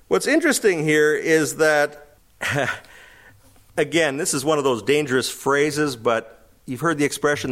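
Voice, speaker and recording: A man's voice: fairly high pitch, expressive, takes it slowly, pauses often, fairly bright tone. A man preaching a verse-by-verse Bible teaching sermon, asking rhetorical questions and acting out quoted speakers. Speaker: pastor.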